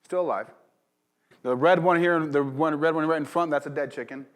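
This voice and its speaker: A pastor's slightly high voice moves at a moderate pace as he preaches in church. His sermon turns into a casual, chatty, rambling personal story that he laughs along with.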